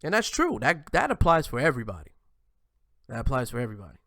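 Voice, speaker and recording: A man's voice: mid-range voice, quick pace, dry recording. A man hosting his own online show, talking off the cuff in a mid-range voice. He keeps tacking "man" onto his lines and often stops to restart a thought. The recording is close and dry, with no room sound. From United States. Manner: animated, repeats "man" at ends of lines, frequent restarts. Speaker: host. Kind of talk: casual commentary monologue.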